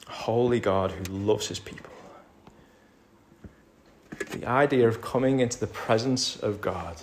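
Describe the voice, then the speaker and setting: A pastor delivers a sermon in a lowish male voice at a measured pace, with slight background noise. He rises to emphatic crescendos and then drops to near-whispers.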